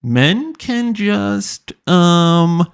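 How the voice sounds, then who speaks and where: A man's voice: high-pitched, animated, extremely slow, vocal fry, clear, resonant tone, voice pushed up, full character voice. A man mimicking a ditzy, hesitant young woman. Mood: unsure.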